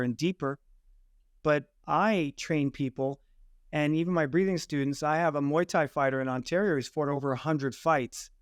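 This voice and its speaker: Assertive man explaining breathing, smooth voice. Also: a little high, no room sound, studio quality. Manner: assertive, declarative teaching. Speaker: guest breathing coach. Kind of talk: explanatory interview answers.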